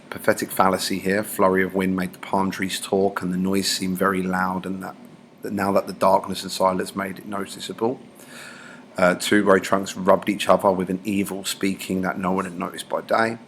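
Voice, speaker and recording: A male teacher explains a novel to his class in a relaxed, casual way, his low voice gravelly with fry. A faint hum of room noise sits under the lesson. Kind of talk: classroom lecture.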